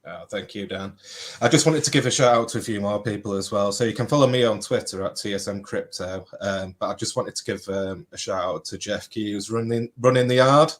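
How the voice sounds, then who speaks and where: A man with a thick Yorkshire accent hosts an online panel in a loose, chatty way. He keeps thanking people and fills his talk with ums and uhs. His voice sits on the lower side. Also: fairly quick. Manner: chatty, thankful, lots of fillers. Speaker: host. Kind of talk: casual panel hosting.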